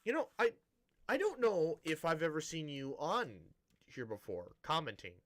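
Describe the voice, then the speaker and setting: A man's voice: fairly high pitch, big pitch swings, moderate pace, fairly bright tone. A man streaming a building game, chatting casually to viewers in a rambling, self-interrupting way with a dry, sarcastic-sounding tone.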